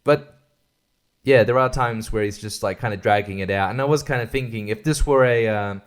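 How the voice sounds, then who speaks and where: A man's voice: fairly low pitch, fairly quick, smooth. Rambling, profane man talking about films. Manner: rambling, profane and joking, with frequent restarts. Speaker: podcast host. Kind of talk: casual film-review chat.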